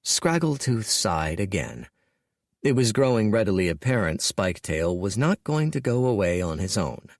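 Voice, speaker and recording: A man narrating an audiobook in a measured, wry storytelling manner. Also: lowish voice, big pitch swings, no echo, studio quality. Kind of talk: scripted narration.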